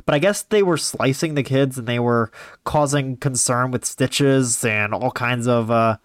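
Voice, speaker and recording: A man in his twenties from Northeast Ohio, USA, hosts his own podcast, rambling through a casual solo monologue of animated storytelling. He speaks at a measured pace with a medium pitch, recorded dry with clean studio sound.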